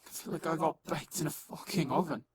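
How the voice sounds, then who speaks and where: A hoarse, swearing villain through a voice changer. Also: male voice, a little high, a little fast, no echo. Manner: swears casually, blunt. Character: gruff injured male supervillain, foul-mouthed.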